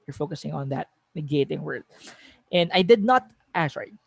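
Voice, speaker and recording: Filipino male lecturer, fairly high voice, dry booth-like sound, self-correcting conversational delivery. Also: expressive, a little fast, gravelly, slightly rough, no echo. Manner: reads example sentences aloud with shifting emphasis, frequent self-corrections. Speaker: teacher giving a webinar. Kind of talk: conversational lecture mixing English and Tagalog.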